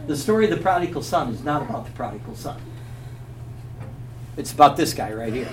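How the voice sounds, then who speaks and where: A man's voice: mid-range voice, brisk. Guy teaching bible class, asks the class questions, sounds far off w a faint hum. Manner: animated storytelling, quizzing the class. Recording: echoey, from a distance, faint hum.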